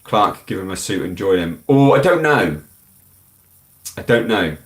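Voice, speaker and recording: Animated, blunt British man streaming. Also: deep voice, unhurried. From United Kingdom. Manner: rambling, blunt and frank, animated. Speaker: live streamer host. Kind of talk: casual live-stream chat answering viewer comments.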